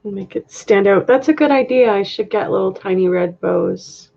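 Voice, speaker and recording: A woman's voice: medium pitch, normal speed, vocal fry, darkish tone. A woman chatting casually on a live stream while decorating at home, thanking viewers and laughing often, over a webcam mic. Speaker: vlogger reading live chat. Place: home, indoors. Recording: dull lo-fi webcam audio.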